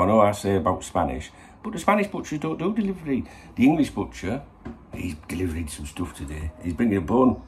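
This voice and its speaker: A middle-aged man talks straight to his viewers in a loose morning vlog. He rambles and swears often. His voice is low and gravelly, with lively swings in pitch. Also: a little hiss or hum. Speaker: football channel host. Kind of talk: casual morning vlog to camera.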